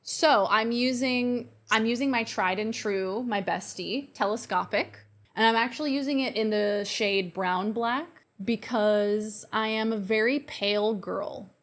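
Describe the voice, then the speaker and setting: A young woman chatting through a makeup tutorial, excitable and gushing, joking with the camera and gasping in delight. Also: on the high side, measured pace. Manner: excitable and gushing, with frequent gasps and squeals; playful, self-mocking banter to the camera. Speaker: beauty vlogger. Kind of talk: chatty get-ready-with-me makeup vlog.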